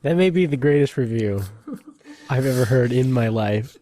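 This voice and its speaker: Mellow man with dry teasing remarks. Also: medium pitch, expressive, normal speed. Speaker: podcast co-host. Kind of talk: casual chat.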